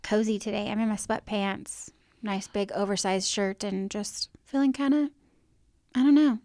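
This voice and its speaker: Female co-host, mid-pitched, easygoing and agreeable, dry close-miked sound. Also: fairly even intonation, moderate pace, darkish tone, no room sound. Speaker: podcast co-host. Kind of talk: casual faith podcast chat.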